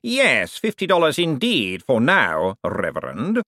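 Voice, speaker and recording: A man's voice: mid-range voice, huge pitch swings, unhurried, bright, forceful tone, no room sound, clean studio sound, pitched above the performer's own voice, heavily acted. A man voicing a haughty, scheming male banker, pompous and precise in a raised voice.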